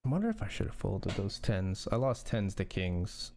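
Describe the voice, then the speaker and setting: A man with a low, gravelly voice muses over his poker hands on a live stream. He talks things through analytically, questioning his own decisions in a relaxed, conversational way. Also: moderate pace, a little hiss or hum. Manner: analytical, second-guessing his own plays. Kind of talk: casual live-stream chat about poker.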